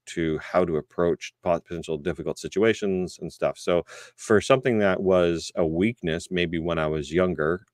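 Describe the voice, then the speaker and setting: A very deep-voiced man speaks as a guest in an interview, earnest and measured. His sound is close and dry, with some hesitant fillers. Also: dry recording. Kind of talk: interview conversation.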